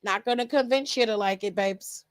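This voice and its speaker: A woman's voice: medium pitch, moderate pace, no echo. A young woman hosting a casual live-stream aftershow, chatty and laughing often, talking straight to her viewers from home.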